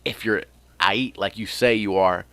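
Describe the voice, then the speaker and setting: Man doing a gruff strict male teacher, scruffy, blunt, bossy, lowish voice, storytelling. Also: steady tone, a little slow, bright, forceful tone, no echo.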